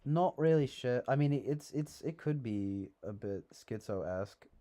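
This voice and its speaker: A man's voice: mid-range voice, lively intonation, unhurried, warm tone. A man hosting a casual livestream, rambling with lots of fillers and a sarcastic edge. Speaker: livestream host.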